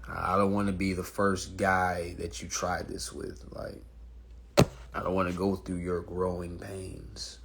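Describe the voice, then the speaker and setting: A young man talking straight to his live-stream viewers from his phone, blunt, swearing freely, and animated. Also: measured pace, gravelly, noisy background. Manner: mocks women in a high falsetto. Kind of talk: casual monologue to viewers.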